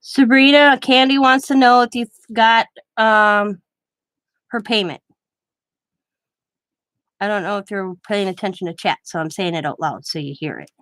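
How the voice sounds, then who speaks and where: A woman's voice: medium pitch, normal speed, pauses often, fairly bright tone, no echo. A middle-aged woman hosting a craft livestream, chatting casually and rambling through anecdotes while she works. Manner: rambling anecdotes, quoting others in her own voice. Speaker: craft channel host.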